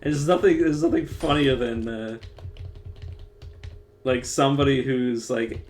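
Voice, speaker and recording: A man's voice: medium pitch, a little slow, long pauses, darkish tone. Profane rambling young man streaming. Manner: profane, rambling, lots of fillers and restarts. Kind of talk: casual rambling chat while gaming.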